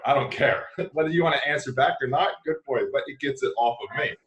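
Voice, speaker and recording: A man hosting a podcast interview, talking in a lively, rambling way with frequent restarts and laughs. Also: on the low side, fast talker, hardly any pauses. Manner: animated, repeats and restarts, laughs often. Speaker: podcast host. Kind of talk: casual interview chat. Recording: echoey room.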